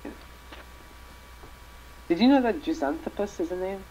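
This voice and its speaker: A man's voice: high-pitched, animated, normal speed, warm tone, lo-fi sound. A man chatting as a player in an online tabletop role-playing game, rambling and hesitant with many restarts, over a voice-chat microphone. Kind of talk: casual chat during an online live game.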